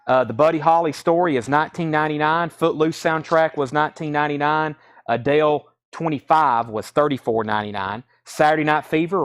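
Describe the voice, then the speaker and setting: A man hosting a live record sale, listing titles and prices in quick auction patter. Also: fairly high pitch, a bit bright, clear, resonant tone. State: out of breath.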